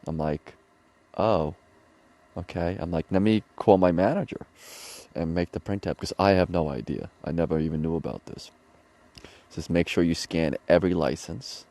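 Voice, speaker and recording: A man's voice: deep voice, steady tone, moderate pace, darkish tone. A man in his thirties telling a rambling personal story in a casual monologue, acting out the people he quotes. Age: 30s. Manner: rambling storytelling, quoting others.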